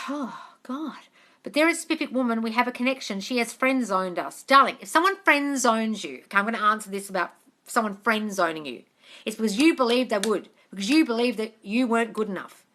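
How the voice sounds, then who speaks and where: A woman's voice: on the high side, expressive, fast, fairly bright tone. An Australian woman answering questions on a live stream as a manifestation coach, chatty and casually swearing, calling her listeners darling.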